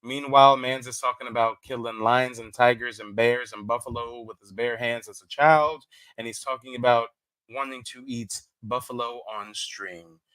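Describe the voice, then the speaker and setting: A man's voice: mid-range voice, fairly even intonation, normal speed, a bit bright, smooth, no room sound, poor audio. A man hosting a commentary channel, blunt and sarcastic as he mocks a clip. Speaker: host. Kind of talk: mocking commentary.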